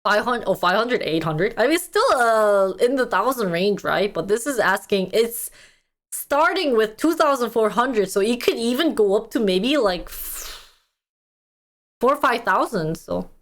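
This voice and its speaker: A woman's voice: a little high, expressive, unhurried. A woman streaming live, chatting casually with her viewers, reacting to news items with frequent laughter.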